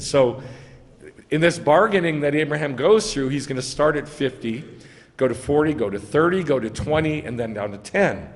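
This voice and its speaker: An American rabbi with a medium-pitched voice preaches in a large synagogue sanctuary. He reads scripture aloud and argues over its meaning, rising to emphasize key lines.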